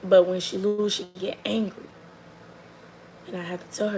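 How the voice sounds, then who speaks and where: A woman's voice: medium pitch, flat delivery, normal speed, pauses often, darkish tone, poor audio. A young adult woman, chatting casually and animatedly about her child, with lots of fillers. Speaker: mother. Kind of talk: casual storytelling chat. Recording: faint background noise.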